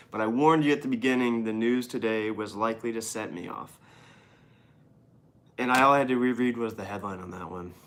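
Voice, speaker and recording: A man's voice: fairly low pitch, a bit bright. A man hosting a podcast, reading news headlines aloud and commenting on them in a casual, irreverent, sarcastic and profane way.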